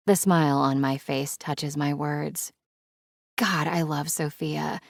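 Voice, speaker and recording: A woman's voice: deep voice, fairly even intonation, slow pace, vocal fry, dry recording, clean studio sound. A woman narrating a romance audiobook in first person, wry and conversational.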